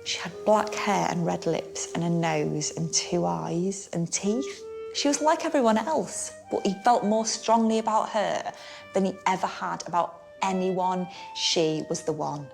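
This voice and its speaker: A woman's voice: on the low side, unhurried, vocal fry, soft background music. A woman telling history drunk, rambling, giggly and sweary. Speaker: drunk storyteller. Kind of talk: tipsy comic history retelling.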